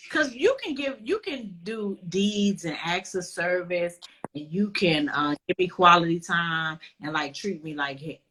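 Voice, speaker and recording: A woman's voice: lowish voice, animated, a little slow, a bit bright. A woman hosting a casual interview, playful and direct with her guest. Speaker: interview host. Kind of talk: casual conversation.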